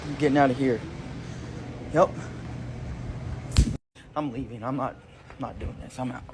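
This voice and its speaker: A man's voice: medium pitch, moderate pace, pauses often, darkish tone, slight background noise. A man filming himself on a phone during a night shift, talking nervously to the camera in street slang. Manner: jittery, scared, talks to the camera in street slang. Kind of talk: nervous self-recorded vlog.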